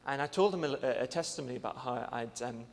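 A young man, a church intern, telling a personal testimony earnestly, with many pauses and fillers. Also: medium pitch, creaky, long reverb tail.

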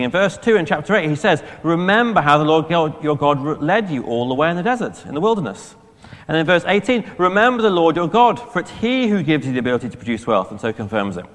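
Lively preacher man in a reverberant church. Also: a little high. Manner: lively, conversational, asks the children questions. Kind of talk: all-age sermon.

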